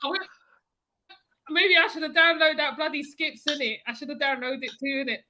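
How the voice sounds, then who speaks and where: High-voiced chatty woman. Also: fairly quick, noisy background. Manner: animated, laughs a lot, repeats herself. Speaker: host. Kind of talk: casual chat.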